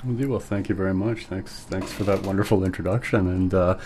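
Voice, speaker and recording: A man being interviewed as a guest researcher in a radio studio, earnest and measured, often restarting his sentences. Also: low voice, fairly even intonation, darkish tone, slight background noise.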